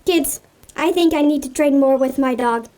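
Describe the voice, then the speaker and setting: A woman hosting a children's show, talking gently and patiently to kids at home and giving simple commands to her dog. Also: high voice, a little fast. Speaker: kids' show host teaching dog tricks.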